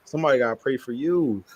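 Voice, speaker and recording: A man co-hosting a podcast who is blunt and emphatic, often repeating his point. His voice is of middling pitch for a man. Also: breathy edge. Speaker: podcast co-host. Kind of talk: casual chat.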